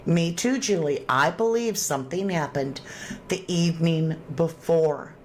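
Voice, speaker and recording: A woman's voice: deep voice, unhurried, slight background noise. Chatty woman hosting a true crime livestream. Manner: warm, chatty, thanks viewers with endearments. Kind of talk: casual livestream chat reading comments.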